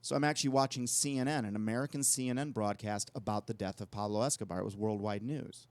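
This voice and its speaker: A man's voice: fairly low pitch, quick pace, no echo. A man co-hosting a talk show, telling long rambling anecdotes in casual conversation. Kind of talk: casual storytelling chat.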